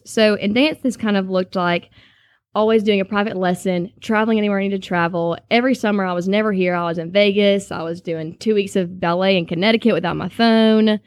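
Young woman, earnest personal testimony, mid-pitched voice, dry close sound, no echo. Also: darkish tone. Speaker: speaker sharing a personal testimony.

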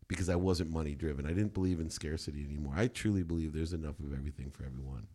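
A middle-aged man with a very deep voice speaks rapid-fire as a podcast guest. He tells a candid personal story emphatically, getting animated whenever he quotes himself.

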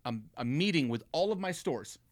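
A man with a slightly high, very lively voice spins a comic story in casual chat, jumping into the voices of the people in it. The sound is dry and close, with no room around him. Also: a little fast, dry recording. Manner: animated storytelling, acting out quotes. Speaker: storyteller on a comedy podcast.

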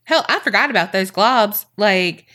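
A woman co-hosting a podcast, relaxed and agreeable in casual chat. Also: mid-range voice, normal speed. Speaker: podcast co-host.

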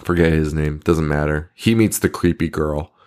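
A man's voice: extremely low pitch, moderate pace, a little mellow. A young man co-hosting a casual horror movie podcast, swearing a lot, laughing often and acting out movie lines. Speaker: podcast co-host.

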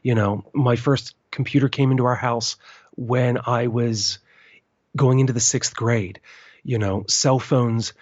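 A man in his forties speaks in a husky, slightly breathy voice, reflective and earnest as he works through long sentences. The recording is dull and dry, with little treble or room sound. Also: mid-range voice, steady tone, unhurried, a little mellow, no echo. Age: 40s. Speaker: interview guest. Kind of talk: casual interview chat.

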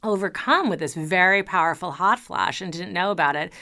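A woman in her fifties hosts an interview podcast in an eager, chatty manner, often restarting her sentences. Her voice sits a little low yet sounds bright and forceful. It is smooth and crisp throughout. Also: fairly quick. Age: 50s. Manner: enthusiastic, chatty, many fillers and restarts. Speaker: podcast host. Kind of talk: conversational interview.

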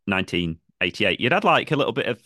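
Low, lively-voiced male interviewer. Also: fast, no room sound, clean studio sound. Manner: prompting, conversational. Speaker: podcast host. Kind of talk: interview questions and backchannel.

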